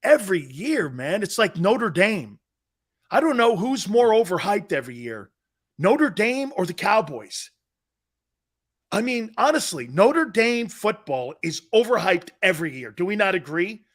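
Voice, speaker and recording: A man's voice: high-pitched, sing-song, a little slow, fairly bright tone. A man from Connecticut hosting a sports talk show, blunt and mocking as he reads viewer comments and rants.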